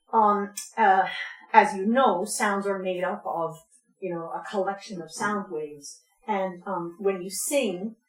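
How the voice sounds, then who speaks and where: A woman leading a vocal workshop, talking informally with lots of ums and laughs, and breaking into short sung demonstrations. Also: medium pitch. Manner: chatty, laughs often, many ums, demonstrates sounds. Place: community music space, roomy. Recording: echoey room.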